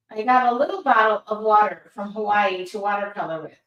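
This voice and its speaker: A woman's voice: mid-range voice, fairly quick, distant mic, muffled recording. Chatty woman teaching art live. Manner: chatty, reads viewer comments aloud, laughs at herself. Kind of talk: casual live-stream art demo. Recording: roomy sound, voice somewhat off-mic.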